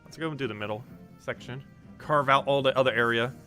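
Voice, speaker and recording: A man's voice: mid-range voice, fairly quick, sharp tone, soft background music. A young man streaming a game, chatting casually and rambling with many ums while he plays and answers chat. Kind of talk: casual live-stream commentary while playing.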